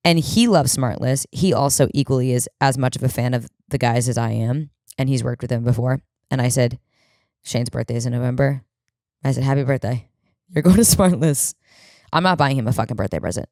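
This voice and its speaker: Young woman podcaster, gravelly voice, dry close sound, animated storytelling, swears a ton. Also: rumbling low, a little fast, dry recording. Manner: animated, acts out quotes, swears a lot. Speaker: podcast host. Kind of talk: comedic storytelling.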